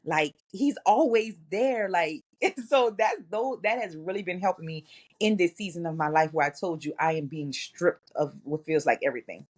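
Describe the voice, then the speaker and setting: A woman in her thirties, a radio guest telling a personal faith story in an earnest, halting way. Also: fairly low pitch. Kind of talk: personal testimony in an interview.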